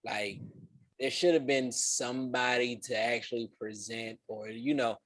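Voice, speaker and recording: A man's voice: mid-range voice, steady tone, measured pace, fairly bright tone, dry recording, poor audio. A man co-hosting a casual wrestling podcast, talking loosely and rambling with lots of "like". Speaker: podcast co-host.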